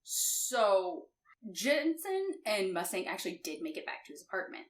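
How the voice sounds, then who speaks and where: A woman recapping a novel in casual podcast chat, animated, swearing and laughing often. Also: medium pitch, normal speed. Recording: roomy echo, distant mic.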